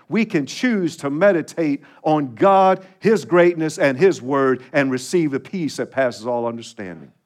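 A man preaching a sermon with a slightly higher-than-usual voice. He reads scripture aloud and leads his listeners to repeat verses with him. He builds his points through emphatic repeated refrains. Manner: preaching with rising, emphatic repetition. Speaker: pastor.

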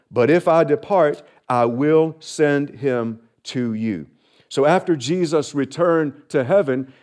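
A man's voice: on the high side, warm tone. Earnest preacher man. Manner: earnest, repeats a phrase for emphasis, chuckles often. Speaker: pastor. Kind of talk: sermon.

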